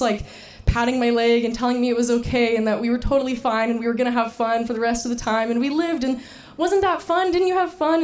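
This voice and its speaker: A woman telling a personal story to a live audience, animated and emphatic, laughing now and then. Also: fairly high pitch.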